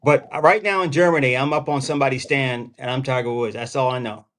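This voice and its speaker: A man's voice: medium pitch, steady tone, brisk, a bit bright. A man hosting a casual call-in panel show, telling stories and laughing easily. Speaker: show host. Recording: call-in stream audio.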